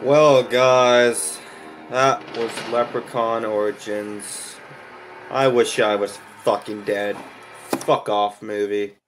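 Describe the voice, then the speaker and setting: A man's voice: on the low side, fairly even intonation, slow pace, over music. A man reacting to and reviewing a movie, ranting in an exasperated way with constant swearing.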